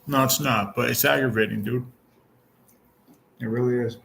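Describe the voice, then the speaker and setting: There's a little hiss or hum behind this gravelly, fairly bright medium-pitched voice, which holds a steady tone at a moderate pace. It belongs to a channel host in his forties who chats casually with livestream viewers and the chat, venting bluntly and swearing frequently.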